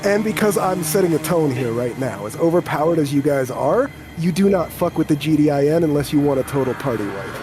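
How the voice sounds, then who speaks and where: A man's voice: a little high, animated, a little fast, hardly any pauses, over music, poor audio. A man narrating as game master of a tabletop game on a livestream, teasing his players.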